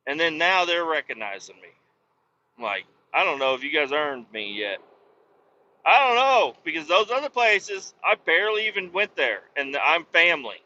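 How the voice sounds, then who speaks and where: A man's voice: fairly high pitch, very animated, moderate pace, sharp tone, highs cut off, slight background noise. A man hosting his own podcast, ranting casually and profanely while driving, complaining with self-mocking humor. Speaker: podcast host. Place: vehicle on the road.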